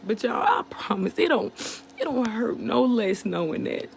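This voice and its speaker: A woman's voice: fairly high pitch, animated, moderate pace, creaky, a little hiss or hum. A woman vlogger speaking candidly and emotionally to her viewers, in casual slang full of "you know what I'm saying". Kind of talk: candid personal monologue to camera.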